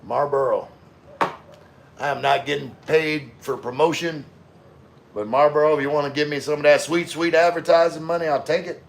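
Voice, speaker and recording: A man's voice: a little high, steady tone, normal speed, vocal fry, slight background noise. A middle-aged man hosting a casual livestream, answering viewer comments in a laid-back way with lots of fillers. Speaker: livestream host reading chat.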